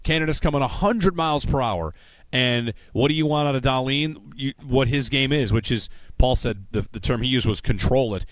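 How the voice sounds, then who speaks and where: A man hosting sports talk radio, rambling conversationally and plugging the show's lineup. His voice sits at an ordinary pitch. It is recorded close and dry in a studio. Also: moderate pace, no echo. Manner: conversational, rambling, reads promos.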